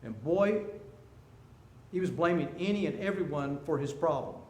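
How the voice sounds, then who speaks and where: A man's voice: on the high side, expressive, normal speed. A man in his sixties giving a seminar talk, telling stories and jokes with animation. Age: 60s. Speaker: seminar speaker. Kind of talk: storytelling talk. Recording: echoey room, faint noise.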